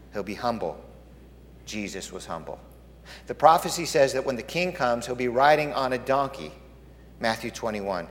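A male preacher delivering a sermon with big dynamic swings. He booms out scripture at the top of his voice, then drops to a quiet, low-pitched hush to drive a point home. His voice hangs in a long, ringing hall reverb. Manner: swings from booming proclamation to hushed, low emphasis.

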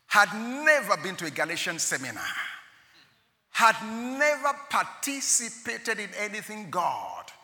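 A man delivers a sermon in a high, very bright voice. His delivery is animated, leaping between loud emphatic rises and quiet drops. The sound carries a long hall echo. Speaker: preacher.

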